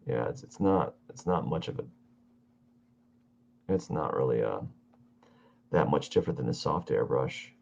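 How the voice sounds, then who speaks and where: A tired, yawning man chatting casually while he draws on a live stream, rambling and halting with many fillers. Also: very deep voice, lively intonation, vocal fry, darkish tone, lo-fi sound, slight background noise. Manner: meandering, halting, self-talk with fillers. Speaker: artist streaming his drawing.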